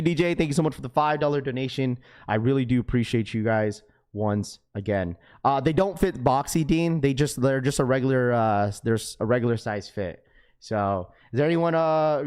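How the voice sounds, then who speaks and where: Raspy laid-back man streaming live. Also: medium pitch, darkish tone. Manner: laid-back, slangy, full of fillers; reads chat messages aloud. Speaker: sneaker livestream host. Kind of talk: casual livestream chat.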